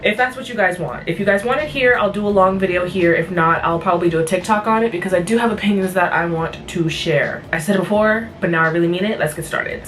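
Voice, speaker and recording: A woman's voice: on the low side, a bit bright, far from the mic, a little hiss or hum, poor audio. A tired woman hosting a vlog, recapping a cartoon episode in a blunt, exasperated, rambling chat.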